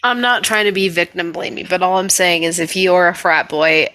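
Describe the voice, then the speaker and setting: Bright-voiced young woman, crude and joking. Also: on the low side, normal speed. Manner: crude, joking, animated storyteller. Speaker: podcast co-host. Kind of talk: casual chat.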